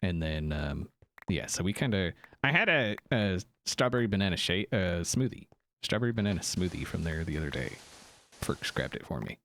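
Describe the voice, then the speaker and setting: A man's voice: low-pitched, normal speed, slight background noise. A man streaming casually while gaming, rambling and interrupting himself as he chats. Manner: rambling, animated, self-interrupting.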